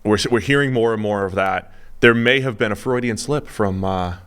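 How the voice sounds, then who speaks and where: Deep-voiced man on a football podcast. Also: moderate pace, fairly bright tone, smooth. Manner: loose, joking, trails off with fillers. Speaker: podcast co-host, football analyst. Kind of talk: casual podcast chat.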